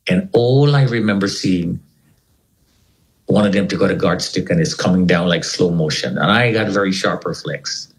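A man as an interview guest, telling a personal story in an animated way and acting out the voices of the people in it. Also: low voice, moderate pace, low-quality recording.

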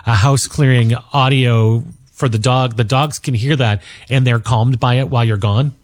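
A man's voice: medium pitch, fairly even intonation, moderate pace, no echo, studio quality. A man hosting a radio talk show, asking a guest follow-up question after follow-up question with easy curiosity. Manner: curious, asks many follow-up questions, laughs easily.

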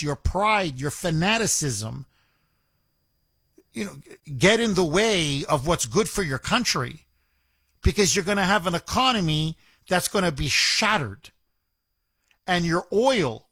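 A man with a high voice hosts a call-in talk radio show, pressing his points hard and repeating words for stress. His voice sits close and dry on the studio mic, with no room sound around it. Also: bright, forceful tone, slightly rough, no room sound.

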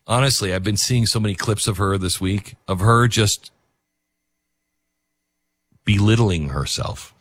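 A man's voice: lowish voice, measured pace, long pauses, a bit bright, no room sound. A man hosting a talk radio show, rambling in casual commentary with many fillers and restarts.

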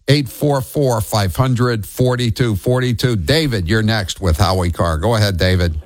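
A man's voice: fairly low pitch, normal speed, few pauses, no room sound, clean studio sound. A man hosting a talk radio show, speaking bluntly and scornfully and rambling with restarts as he takes callers. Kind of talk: opinionated talk radio chat.

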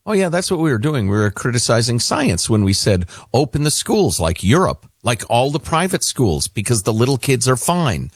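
A man's voice: mid-range voice, very animated, moderate pace, few pauses, breathy edge, dry recording, studio quality. A man co-hosting a talk radio show, talking casually with a sarcastic, mocking edge.

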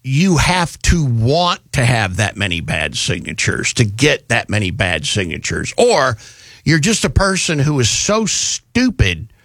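Male talk radio host, gravelly and unhurried, swings his pitch a lot, indignant and sarcastic, dry studio sound. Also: a bit bright, dry recording. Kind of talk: opinionated talk radio monologue.

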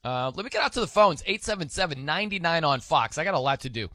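A man's voice: on the high side, fast, no echo, clean studio sound. A man hosting a sports radio show, chatting casually and acting out other people's pronunciations as he tells stories. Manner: animated storytelling, mimics others' pronunciations.

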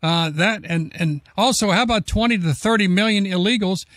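A man hosting political talk radio, laying out points in a steady, lecturing way. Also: high voice, a little fast, no echo, studio quality.

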